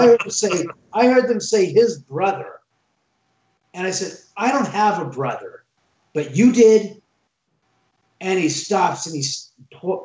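Man, animated storyteller, distant mic, dull lo-fi sound. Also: high-pitched, roomy sound. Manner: animated, acts out quoted dialogue. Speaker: homeowner telling ghost stories. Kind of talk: casual storytelling.

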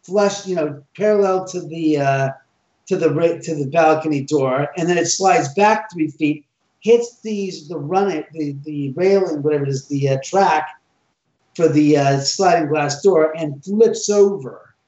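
A man telling an animated first-person ghost story in casual talk, acting out the dialogue as he goes. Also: on the high side, unhurried. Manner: animated, acts out quoted dialogue. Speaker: homeowner telling ghost stories. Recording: roomy, distant, dull sound.

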